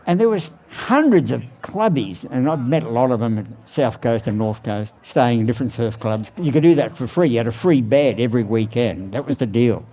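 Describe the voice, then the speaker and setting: An Australian man of eighty telling lively stories as a guest, recorded outside a surfboard factory. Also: mid-range voice, normal speed, hardly any pauses. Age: 80s. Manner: animated storyteller, laughs often. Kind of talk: storytelling interview.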